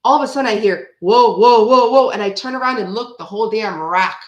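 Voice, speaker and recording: A woman's voice: mid-range voice, fast talker, lo-fi sound. A woman in her forties, hosting a card reading stream and chatting casually with viewers, rambling through stories and laughing often. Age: 40s. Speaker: tarot reading host. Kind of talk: casual livestream chat with viewers. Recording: roomy echo.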